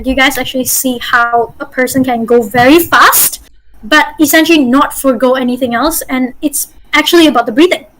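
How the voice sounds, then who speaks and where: A woman's voice: sits high, a bit bright, low-quality recording. A woman game master giving a chatty online voice-acting workshop over a video call. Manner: chatty, with apologies and restarts.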